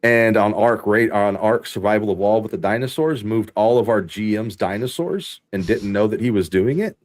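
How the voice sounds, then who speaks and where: A man from Texas hosting a podcast, telling long work stories in a casual, animated way, laughing often and swearing freely. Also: on the low side, moderate pace. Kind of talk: casual storytelling chat.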